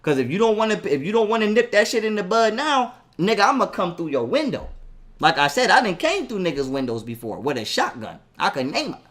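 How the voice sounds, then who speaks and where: Young man, high bright voice, profane, animated storyteller. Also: quick pace, hardly any pauses. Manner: profane, animated, acts out quotes. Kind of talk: casual ranting story.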